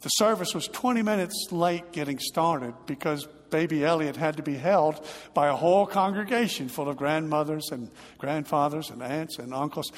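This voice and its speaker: A man delivering a sermon as a pastor, telling a story earnestly and growing softer toward the end. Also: a little high, big-room sound.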